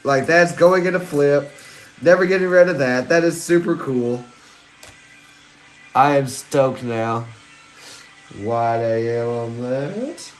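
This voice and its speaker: A man, hosting a live stream and chatting excitedly with viewers. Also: medium pitch, takes it slowly, long pauses, faint music behind. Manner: excitable, giddy, chats to viewers. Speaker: livestream host hunting coins. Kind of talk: casual live-stream chat.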